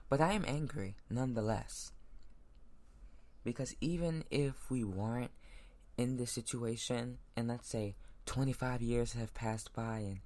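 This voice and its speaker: A man hosting a solo podcast from his laptop at home, ranting in heated bursts that sometimes jump loud. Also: mid-range voice, a little slow, long pauses. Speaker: podcast host.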